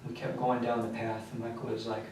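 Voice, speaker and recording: An eighteen-year-old man recounting events in a police interview, quiet and halting, with many fillers. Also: mid-range voice, completely flat delivery. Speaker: suspect under interrogation. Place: interrogation room. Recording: echoey room, distant mic, faint hiss.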